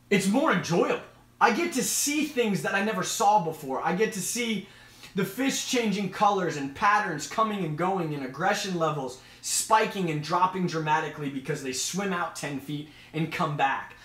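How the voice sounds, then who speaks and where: A man's voice: high voice, lively intonation, normal speed, a bit bright, reverberant. A man hosting a casual live stream, talking with eager, rambling enthusiasm. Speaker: host of an aquarium live stream.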